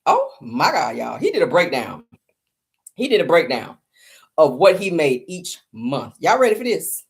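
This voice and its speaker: A middle-aged woman hosting her own livestream show, talking loudly and playfully in slang, laughing often and repeating herself for effect. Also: deep voice, huge pitch swings, a little slow, creaky. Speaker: show host. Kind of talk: animated solo livestream commentary.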